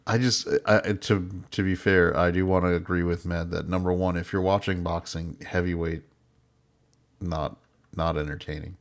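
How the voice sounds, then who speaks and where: Very low male co-host, loose laughing chat delivery. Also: steady tone, normal speed. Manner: laughs often, loose and chatty. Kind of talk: casual podcast chat.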